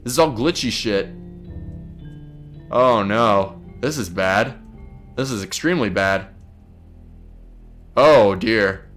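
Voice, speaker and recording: A flustered gamer curses a lot while talking his viewers through gameplay, with game music playing behind him. His low-leaning voice is expressive and fairly bright, and he goes slowly with long pauses.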